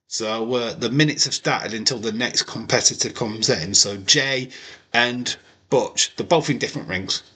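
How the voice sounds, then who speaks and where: A man from the UK hosts a relaxed live watch-along and chats loosely over the show. His voice is bright and a little husky. He talks at an unhurried, drawn-out pace. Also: mid-range voice. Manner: joking, chatty, often breaks into impressions. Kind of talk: casual live commentary over a wrestling show.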